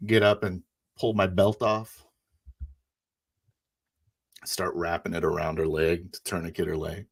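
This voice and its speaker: A man playing a tabletop game in character, describing his actions in a halting first-person style. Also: sits low, flat delivery, vocal fry, husky, dry recording. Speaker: player. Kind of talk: in-character tabletop role-play.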